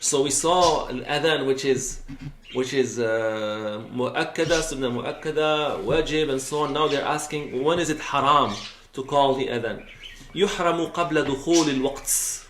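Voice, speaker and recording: A man lectures on Islamic law in a classroom setting, his mid-range voice a bit bright and his pace measured. He explains in careful steps, regularly asks "okay?", and switches between English and recited Arabic text. The recording sounds roomy, with faint noise behind him.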